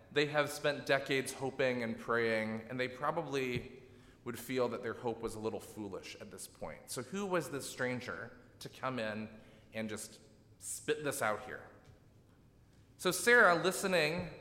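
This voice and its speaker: A man delivers a sermon with a bright, ringing voice. He sounds reflective and gently emphatic, and often asks "right?" to draw listeners in. The room around him is echoey, with a long reverb tail. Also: medium pitch. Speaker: pastor. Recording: echoey hall.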